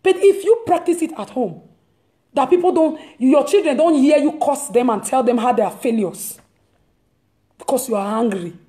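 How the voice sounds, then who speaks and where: A woman preaches straight to her listeners in a fairly high, warm voice. She is emphatic and exhortative, often circling back and repeating her phrases. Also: lively intonation, normal speed. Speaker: host. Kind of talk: impassioned preaching monologue.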